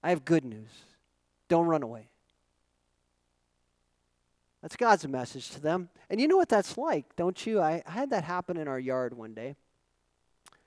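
A middle-aged man preaching a sermon as pastor, asking rhetorical questions and swinging between loud emphatic lines and soft asides. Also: fairly high pitch, dry recording, rough recording.

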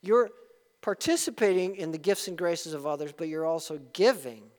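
A man's voice: a little high, moderate pace, a little mellow, long reverb tail. A man preaching a sermon as pastor, earnest and emphatic, with rising bursts of emphasis.

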